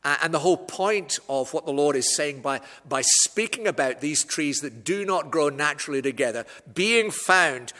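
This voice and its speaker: Male preacher, explanatory sermon delivery, a touch high-pitched, recorded with long hall reverb. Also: animated, pushed and bright. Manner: measured, explanatory, with wry asides. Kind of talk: expository sermon. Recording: echoey hall.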